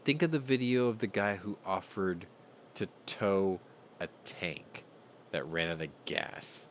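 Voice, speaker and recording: A man's voice: on the low side, animated, unhurried, a little hiss or hum. A man hosting a news commentary show, talking bluntly with heavy profanity and open anger. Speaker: host.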